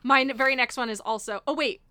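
A young woman co-hosting a casual chat, giggly and animated, swearing casually as she talks. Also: high voice, fast talker, background noise.

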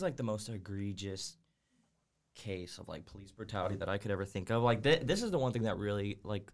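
A man's voice: lowish voice, creaky. A young man co-hosting a casual podcast discussion, talking bluntly with frequent cursing and lots of "like" fillers. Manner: blunt and profane, filler-heavy, full of "like". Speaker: co-host.

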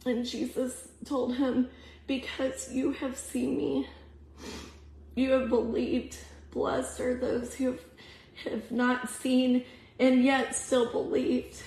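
A woman's voice: high voice, little pitch movement, creaky, a little mellow. A woman giving an earnest, emotional devotional sermon to women, teary as she reads scripture aloud. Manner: earnest, emotional, slow and prayerful. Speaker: women's ministry speaker. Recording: echoey room.

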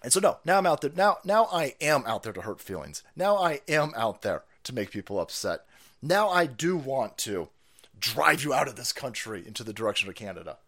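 A man hosting a livestream, ranting in a foul-mouthed, animated way and laughing often. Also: medium pitch, fairly quick. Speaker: livestream host.

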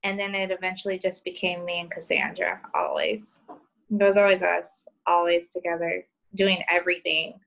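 Woman with a Southern twang, gravelly. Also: lowish voice, lively intonation, normal speed, fairly bright tone, low-quality recording. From New York. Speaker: podcast guest. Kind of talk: casual interview chat.

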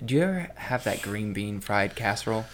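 A man's voice: fairly low pitch, animated, brisk, a bit bright. A man co-hosting a podcast, speaking in a laid-back way and chiming in with short replies and questions. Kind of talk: casual chat.

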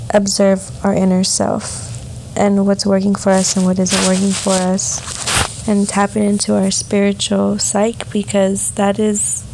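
A young woman vlogging a soft, heartfelt personal reflection on emotions. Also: mid-range voice, vocal fry, slight background noise, low-quality recording.

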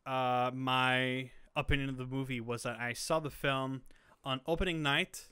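Young male podcast co-host, bright and clear-voiced, rambling and excitable. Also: mid-range voice, unhurried. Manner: excitable, rambling, many fillers. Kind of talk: casual chat.

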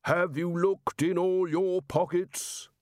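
A man voicing a cheerful male gatekeeper making drawn-out, jolly ceremonial calls. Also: sits high, flat delivery, a little mellow, no room sound, clean studio sound, voice pushed up. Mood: cheery.

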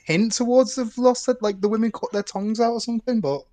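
Animated joking man with a fairly high voice. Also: fast. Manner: animated, joking, quotes actors' lines. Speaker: podcast co-host. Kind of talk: casual film discussion.

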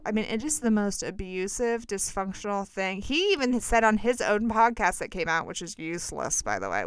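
Young woman, snarky gossip host, dramatic and blunt, bright crisp voice, dry close mic. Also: mid-range voice, no room sound. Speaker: podcast host. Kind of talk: gossipy reality-TV commentary.

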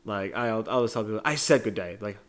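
A man's voice: fairly low pitch, quick pace. A man co-hosting a podcast, discussing a movie in a rambling, casual way with many fillers. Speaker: podcast co-host.

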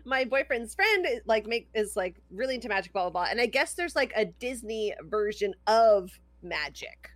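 Woman podcast co-host, kinda high lively voice, giggly and chatty, dry close sound. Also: moderate pace, few pauses, dry recording. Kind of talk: casual chat.

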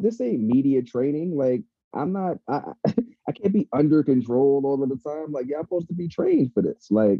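Heated, husky-voiced man chatting. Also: medium pitch, dry recording. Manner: animated, heated, swearing freely. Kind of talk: casual chat. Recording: dull lo-fi sound.

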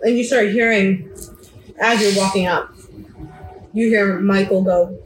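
A woman running a tabletop game as game master, narrating to a player in lively second person. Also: mid-range voice, a little slow, long pauses, slight background noise. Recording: roomy echoey room.

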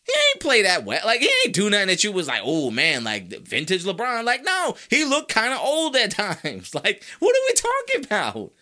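A man hosting a sports talk podcast, ranting with loud, high-pitched outbursts between stretches of lower, calmer talk. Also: normal speed, few pauses. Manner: animated, swings into high-pitched shouts. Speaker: podcast host. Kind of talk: fired-up sports talk rant.

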